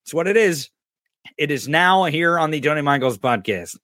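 A man's voice: fairly high pitch, animated, moderate pace, sharp tone, no echo, clean studio sound. A man hosting a podcast, giving crude, mocking political commentary and swearing constantly. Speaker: podcast host. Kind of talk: profane political commentary over clips.

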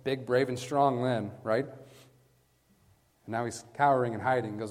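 A man's voice: medium pitch, steady tone, moderate pace. Emphatic male preacher in a reverberant hall. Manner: emphatic, asks the listeners "right?"; swings from hushed lines to loud stressed bursts. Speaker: preacher teaching a Bible passage. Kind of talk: sermon. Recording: long reverb from a large hall.

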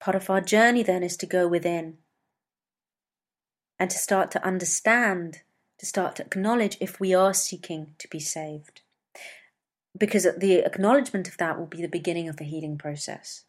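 A woman giving a reflective spiritual talk as a teacher, measured and repeating phrases for emphasis. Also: on the low side.

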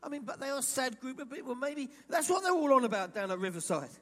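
A man from England preaching a sermon, animated and quoting imagined voices as he speaks. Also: extremely high pitch, quick pace, in a large hall. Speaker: pastor.

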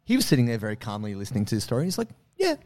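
A man hosting a podcast, telling a story in a casual, animated way, swearing freely and acting out the quotes. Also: fairly low pitch, racing. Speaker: podcast host.

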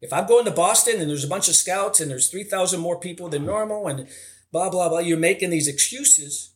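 A man's voice: high-pitched, brisk. Rambling man with a raised voice. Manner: rambling, heavy on "like" and "you know". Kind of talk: casual interview chat.

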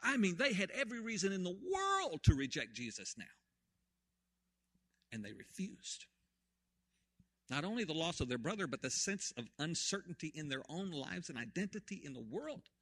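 A man preaching a sermon, retelling a story with swings from hushed to loud. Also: fairly high pitch, sing-song, normal speed. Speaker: pastor.

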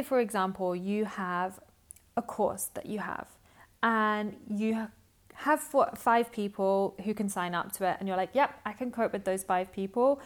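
Woman, podcast host, casual solo talk, upbeat, chatty, mid pitch. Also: a little mellow. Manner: chatty, upbeat, acts out inner thoughts. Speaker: podcast host and business coach.

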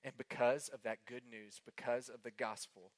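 A man preaching a sermon as pastor, earnest and emphatic, repeating phrases and moving between hushed and impassioned delivery. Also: mid-range voice, fairly even intonation, moderate pace, dry recording.

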